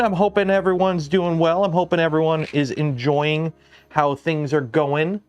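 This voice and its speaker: A talkative man with a Canadian accent, his voice sitting a little higher than most men's. He chats, jokes and rambles freely as a livestream host, with faint music in the background. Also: steady tone, moderate pace, clear, resonant tone. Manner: chatty, jokey, rambling. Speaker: streamer host. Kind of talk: casual livestream chat.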